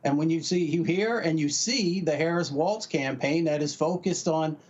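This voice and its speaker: A male panel guest discussing politics in a measured, steady way. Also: a little high, lo-fi sound.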